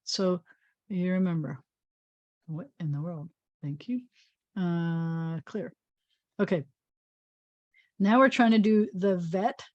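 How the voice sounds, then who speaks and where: A woman's voice: lowish voice, slow, long pauses, darkish tone, no echo, muffled recording. A woman rabbi teaching a Hebrew reading lesson, patiently explaining and sounding out words.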